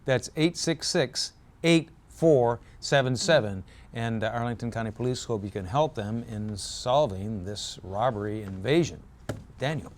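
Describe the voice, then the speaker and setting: A man's voice: medium pitch, a little slow. Man hosting a local news show. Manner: relaxed, joking, with fillers and self-corrections. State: losing his voice. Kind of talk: community news reading.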